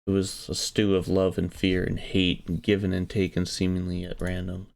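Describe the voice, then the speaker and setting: A man's voice: low-pitched, monotone, normal speed, creaky, darkish tone. A man streaming a visual novel, reading the narration aloud in an earnest storytelling manner.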